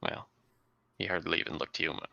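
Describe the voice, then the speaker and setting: A man with a very low, gravelly voice narrates a tabletop game as its game master. His tone is strikingly bright and forceful despite the depth. The stream audio is dull and lo-fi. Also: brisk, dry recording. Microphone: desk mic on a live stream.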